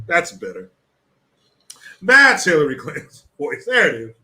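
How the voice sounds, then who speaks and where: Male livestream host, blunt and mocking, bright forceful tone, slightly higher voice. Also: sing-song, takes it slowly. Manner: sarcastic, blunt, swears freely. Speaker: political commentary host. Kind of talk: casual political commentary livestream.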